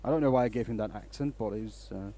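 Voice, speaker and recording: A man's voice: lowish voice, fast, warm tone. A man hosting a woodturning live stream in a workshop, chatting casually and rambling through stories.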